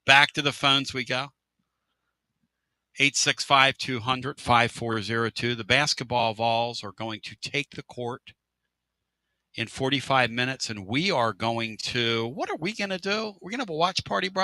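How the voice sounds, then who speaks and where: A middle-aged man hosting a casual sports radio show, joking, with loud outbursts and drawn-out catchphrases. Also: mid-range voice, expressive, no echo.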